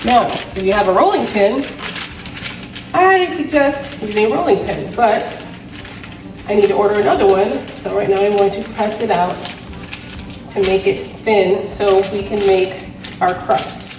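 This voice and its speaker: Against a noisy background, a woman with a steady, mid-range voice talks a little slowly as she hosts a home cooking video. She walks viewers through a recipe in a chatty, upbeat casual demonstration.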